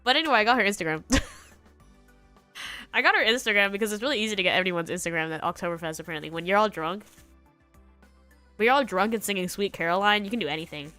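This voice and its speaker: A young woman from the United States chatting casually on stream, rambling and giggling and acting out quotes in a higher voice. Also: fast, long pauses, bright, forceful tone, soft background music. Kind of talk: casual chat.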